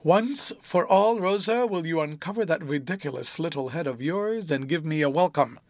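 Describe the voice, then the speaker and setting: A man's voice: animated, normal speed, no room sound. A man doing a sulky young fiancé. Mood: grumbling, teasing. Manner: grumbling, slightly lower and clipped.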